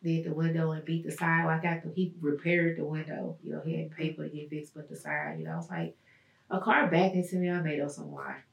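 A woman recounting a personal ordeal as a guest, halting and searching, with many pauses and fillers. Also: deep voice, expressive, gravelly. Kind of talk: personal testimony in an interview. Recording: roomy echo, mic at a distance.

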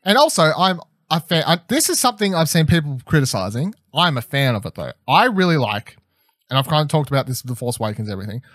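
A man's voice: on the high side, sing-song, fast, fairly bright tone, dry recording. Chatty, enthusiastic man in a dry room. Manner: enthusiastic, rambling, lots of fillers and restarts. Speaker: podcast co-host reviewing a TV episode. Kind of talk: casual chat.

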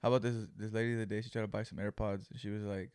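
A man's voice: on the low side, level tone, very fast, a little mellow, smooth, no room sound, studio quality. A young man co-hosting a podcast, telling casual stories full of swearing and acted-out quotes. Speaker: podcast co-host. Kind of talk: casual chat.

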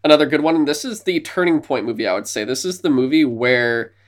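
Excited man retelling a movie. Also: mid-range voice, fast. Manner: enthusiastic retelling of movie scenes, slipping into silly voices. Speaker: podcast co-host. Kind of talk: casual podcast chat.

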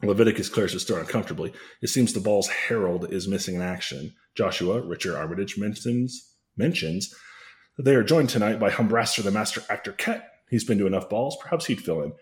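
A man's voice: fairly low pitch, fairly quick. A man co-hosting a podcast, narrating a parody story in a casual comedic way, with asides and chuckles.

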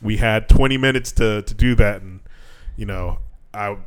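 A man's voice: on the low side, normal speed, a bit bright, clear, resonant tone, dry recording. Profane ranting podcast man. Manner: profane, ranting, laughs often. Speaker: podcast co-host. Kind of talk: casual chat.

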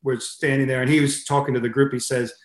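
A man's voice: mid-range voice, little pitch movement, fast. Rambling Australian man in a roomy room. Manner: rambling storyteller, many fillers and restarts. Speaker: head swimming coach, guest. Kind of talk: casual interview chat.

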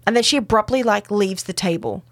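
A woman's voice: mid-range voice, a little fast, no echo. A woman co-hosting a podcast, recapping episodes in a chatty, casual way with lots of fillers. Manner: chatty, many fillers, acts out quotes. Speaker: podcast co-host.

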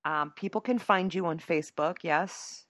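A woman's voice: on the low side, normal speed, a bit bright, no echo, studio quality. A woman hosting a podcast in a playful, chatty way, often laughing as she talks. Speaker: podcast host. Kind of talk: casual chat.

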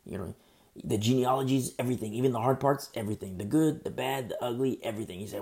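A man preaching verse by verse, earnest and rambling, stumbling over hard names and pausing often because his throat is sore. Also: mid-range voice, creaky, dark tone. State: sore throat, pauses to drink tea. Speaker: pastor. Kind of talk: verse-by-verse Bible teaching.

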